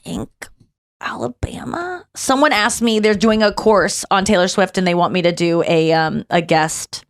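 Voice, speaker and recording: A woman's voice: lowish voice, fairly even intonation, moderate pace, few pauses, no room sound, clean studio sound. A middle-aged woman hosting a podcast, telling stories in casual chat with lots of restarts. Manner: chatty, storytelling with quoted voices and restarts. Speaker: podcast host.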